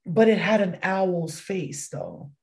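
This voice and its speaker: Young woman doing a tarot reading, kinda low mellow voice, gets excited and swears a lot. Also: takes it slowly, vocal fry. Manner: excitable, swears freely, bursts of exclamations. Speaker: tarot reader. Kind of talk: casual spoken tarot reading.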